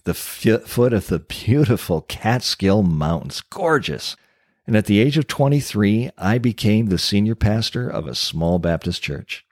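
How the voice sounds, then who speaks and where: Man in his sixties, fairly low voice, earnest confessional testimony, slow emphatic pauses, dry close sound. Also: a little mellow, dry recording. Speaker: ministry coach and former pastor. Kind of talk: personal testimony.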